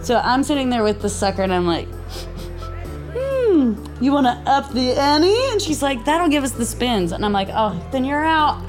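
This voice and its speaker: A young woman from Tennessee tells a story in an interview, swearing freely and animatedly acting out the voices she quotes. Her voice sits high at a normal speed, with background music playing.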